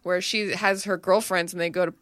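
A woman's voice: on the low side, steady tone, a little fast, fairly bright tone, no room sound, clean studio sound. A woman co-hosting a comedy podcast, teasing and bantering in casual chat. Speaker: podcast co-host.

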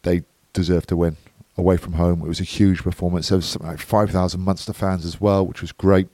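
A man's voice: deep voice, flat delivery, fast talker, warm tone, dry recording. A man co-hosting a podcast, giving a matter-of-fact, analytical match recap in casual chat. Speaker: podcast co-host.

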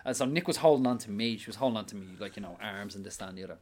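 A young Irish man co-hosting a podcast, telling stories in a casual, animated way with plenty of swearing. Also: fairly low pitch, very fast. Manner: animated storytelling, heavy swearing. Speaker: podcast co-host. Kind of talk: casual chat.

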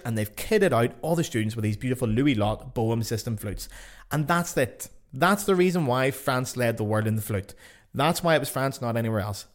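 Chatty Northern Irish man hosting a podcast. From Northern Ireland. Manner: chatty and excitable, swears casually, lively pitch jumps. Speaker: podcast host, flutist. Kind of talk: casual solo podcast talk. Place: home in Cologne.

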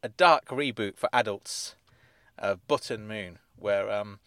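A man's voice: lowish voice, a little slow, fairly bright tone, dry recording. A man reading episode synopses aloud and adding dry, sardonic asides, chuckling as he goes. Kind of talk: casual comic commentary.

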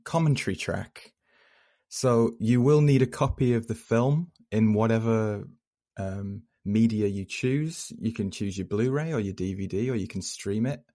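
A man co-hosting a podcast, talking casually and calmly explaining how things work. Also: lowish voice, measured pace. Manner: relaxed, explanatory. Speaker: podcast co-host. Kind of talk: casual chat.

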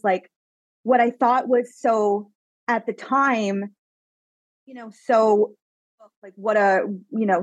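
Animated woman telling her story, dry sound. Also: fairly high pitch, no room sound, poor audio. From Canada. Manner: animated, emphatic, frequent "like" fillers. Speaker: guest, psychic medium mentor. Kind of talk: personal storytelling in a podcast interview.

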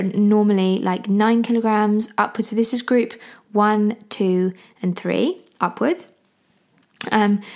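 A young woman with a gravelly, fry-edged voice talks casually to her podcast listeners. She speaks at a middling pitch. At times she drops to a hushed tone, and she wanders through her points with plenty of "um"s. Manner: hushed at times so a baby can sleep, rambling with many fillers. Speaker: parenting podcast host.

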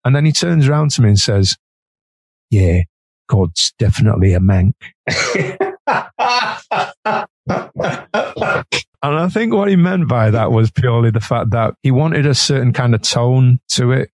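A man's voice: medium pitch, animated, measured pace, long pauses, no room sound. A man with a Manchester accent, a musician guest telling anecdotes in a chatty way and laughing between sentences. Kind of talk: anecdotal storytelling.

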